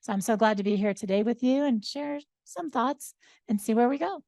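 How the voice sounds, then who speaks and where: A woman's voice: on the high side, fairly quick, vocal fry, a little mellow, dry recording. An older woman, a social psychologist and grandmother, speaking upbeat on a seminar panel with frequent ums.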